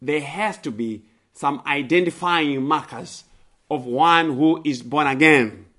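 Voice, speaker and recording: A man delivers a sermon in a bright, slightly high voice. He takes his time, repeats key phrases for emphasis and lifts his voice sharply when he acts out a plea. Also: slow. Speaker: preacher. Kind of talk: sermon with scripture reading.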